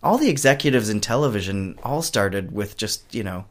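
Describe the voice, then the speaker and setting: A man's voice: on the low side, lively intonation, normal speed. A man being interviewed about his puppet shows, chatting casually and rambling, often trailing off mid-sentence. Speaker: guest, puppet show creator.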